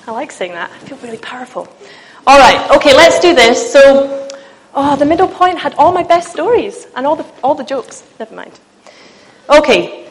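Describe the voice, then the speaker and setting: A woman preaching a sermon to a church, lively and self-mocking, talking with the congregation in a loose, conversational way. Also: high voice, normal speed, pauses often, poor audio. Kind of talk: humorous sermon with a live demonstration. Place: church meeting.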